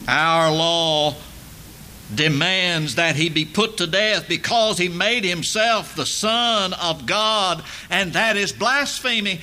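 High, bright-toned slow preacher man. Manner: emphatic, building to loud dramatic peaks. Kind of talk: sermon.

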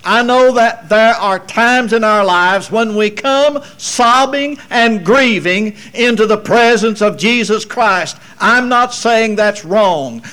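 A man delivering a sermon in a high, unhurried voice. He swings from loud, emphatic passages to low, quiet asides and drops in folksy remarks along the way. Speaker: preacher.

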